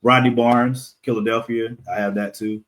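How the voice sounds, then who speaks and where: A man's voice: medium pitch, flat delivery, normal speed, fairly bright tone. A man, a comic creator guest, talking casually in a podcast interview, rambling with fillers and frequent laughs.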